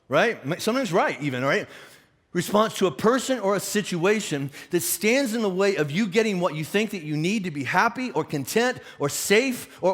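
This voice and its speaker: Animated man preaching a lively sermon. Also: high-pitched. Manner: animated, conversational, many restarts and acted questions. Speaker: pastor.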